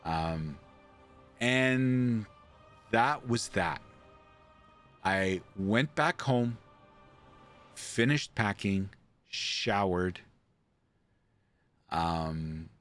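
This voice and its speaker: A man from Canada, a streamer, telling a story in a casual, animated way, acting out quoted lines and swearing casually. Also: sits low. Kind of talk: casual storytelling while gaming.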